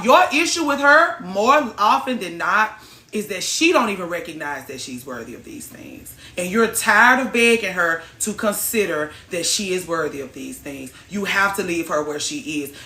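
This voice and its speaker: A woman talking to camera in a casual vlog rant, blunt and profane, preaching hard and swinging into shouts. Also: medium pitch, echoey room. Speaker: vlogger.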